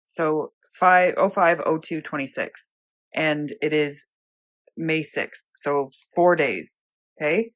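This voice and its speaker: A woman's voice: sits low, slow pace. A woman filming an exasperated, swearing rant about spoiled food she bought. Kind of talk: angry phone review video.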